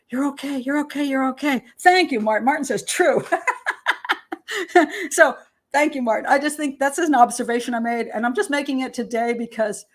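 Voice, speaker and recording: An older American woman hosting her own talk show, chatting casually and animatedly, often laughing and acting out what others say. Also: fairly high pitch. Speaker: host and criminal profiler.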